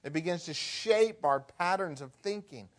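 A man preaching a sermon as pastor, shifting from hushed and conversational to loud and emphatic. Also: on the high side, animated, normal speed.

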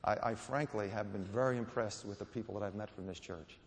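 A man's voice: on the low side, brisk. A man preaching a sermon in a church, telling stories and building to emphatic peaks. His voice rings out with a long reverb around it. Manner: storytelling with rising emphasis. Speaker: guest preacher. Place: church or hall.

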